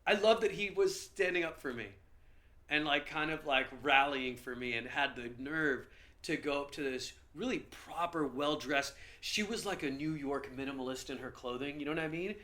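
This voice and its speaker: Animated storytelling man, fairly high voice. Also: normal speed. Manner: animated, lively, laughs into his stories. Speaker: comedian guest. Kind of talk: casual storytelling in a podcast interview.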